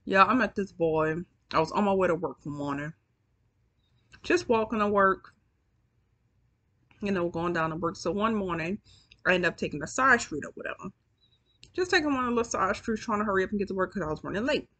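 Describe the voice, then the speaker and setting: A woman's voice: mid-range voice, animated, a little fast, long pauses, pushed and bright. A woman telling a story to her viewers in a chatty, profane, casual way, yawning as she goes. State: yawning, sleepy. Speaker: storytime vlogger.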